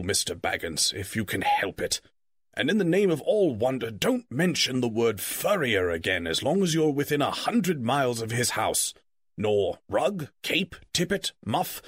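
A man reading the part of Gandalf, a stern and testy old male wizard, in measured, lecturing tones. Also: mid-range voice, big pitch swings, husky, no echo, clean studio sound. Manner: measured, lecturing, quick to scold. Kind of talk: audiobook character reading.

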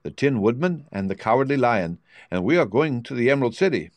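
A man's voice: medium pitch, big pitch swings, a little fast, no echo, lightly acted. A man voicing an earnest, polite little girl in a storybook reading, speaking eagerly.

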